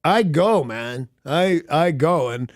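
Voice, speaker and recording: A man's voice: on the high side, lively intonation, slow pace, no room sound, studio quality. A man hosting a morning radio show, telling a rambling story with wry self-mocking humor. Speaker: radio host. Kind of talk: casual morning radio chat.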